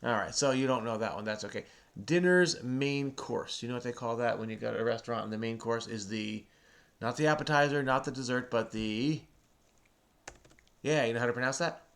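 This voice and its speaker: A man hosts a crossword video, patiently and chattily explaining the clues to a child who does the typing as they solve together. His medium-pitched voice is a bit bright and creaky and runs a little fast.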